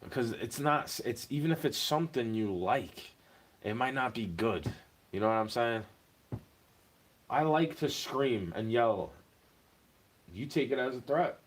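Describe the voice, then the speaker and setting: A man's voice: mid-range voice, lively intonation, measured pace, long pauses. A man delivering a rambling, profane monologue, his voice rising in agitated bursts and then dropping back. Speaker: vlogger. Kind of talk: ranting monologue.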